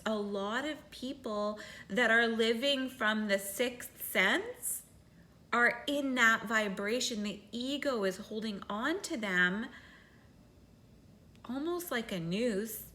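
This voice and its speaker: A woman's voice: fairly high pitch, expressive, slow, sharp tone. A woman telling a personal spiritual story in a candid, casual monologue, swearing freely as she talks. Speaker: spiritual vlogger.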